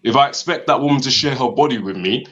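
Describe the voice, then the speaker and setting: A man's voice: medium pitch, fast, a bit bright, soft background music. A man who works construction, arguing sarcastically in a heated debate and tacking "yeah?" onto his points. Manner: sarcastic, argumentative, tag questions. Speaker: construction worker, debate guest. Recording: slightly dull sound.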